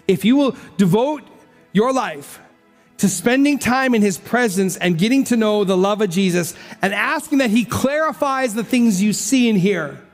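High-voiced male pastor preaching in a reverberant hall. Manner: emphatic, exhorting, addresses the congregation directly. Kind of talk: sermon with closing prayer. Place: church service. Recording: reverberant church hall with faint worship music.

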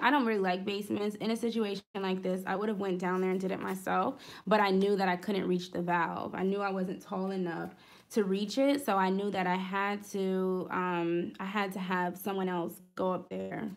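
A woman's voice: mid-range voice, little pitch movement, moderate pace. A woman vlogger chatting casually as she decorates a planner, rambling through a story with fillers and small asides. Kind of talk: casual storytelling while crafting.

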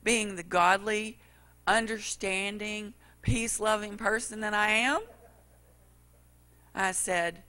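A woman preacher giving a sermon, telling a personal story with animated delivery and questions to the congregation. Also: medium pitch, takes it slowly, long pauses.

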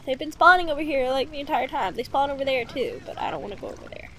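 A woman with a notably high voice runs a casual let's play. She is excitable and talks straight at the game, repeating her pleas and commands again and again, with a faint hiss of noise under her voice. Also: quick pace. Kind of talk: casual gameplay commentary.

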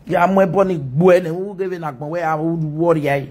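A woman's voice: lowish voice, fairly even intonation, a little fast, dark tone, slightly rough. A Nigerian woman ranting mockingly on a live video, scolding and laughing often.

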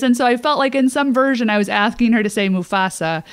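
A woman's voice: on the high side, a little fast, hardly any pauses, smooth, no room sound. A woman co-hosting a podcast, chatting enthusiastically and telling stories. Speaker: podcast co-host. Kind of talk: casual podcast chat.

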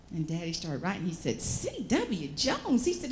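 A woman from the American South, telling folksy, animated stories as a motivational speaker and acting out the voices in them. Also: on the high side, brisk, few pauses. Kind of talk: storytelling keynote speech.

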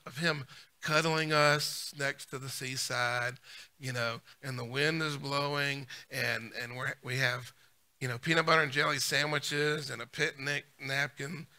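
A man pastor preaching a sermon, emphatic, repeating key lines and swinging between loud punches and soft asides. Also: fairly high pitch.

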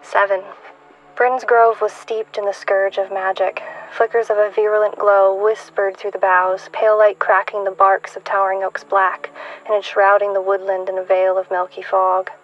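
A woman in her twenties reading her own fiction aloud in a measured, hushed way, at times dropping to a whisper. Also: medium pitch, level tone, lo-fi sound. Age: 20s. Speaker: author.

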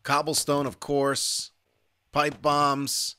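Male game commentator, dry self-mocking humor, bright tone. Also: a little high, completely flat delivery, extremely slow, clear, resonant tone. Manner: wry, self-mocking, mutters to himself. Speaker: gaming YouTuber. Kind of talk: casual let's-play commentary.

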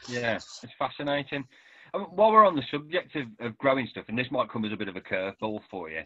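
A man's voice: mid-range voice, lively intonation, fast talker, no echo. Thoughtful man on a dull dry line. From England. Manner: thoughtful, admiring, winding sentences. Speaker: author and interviewer. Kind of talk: casual literary discussion.

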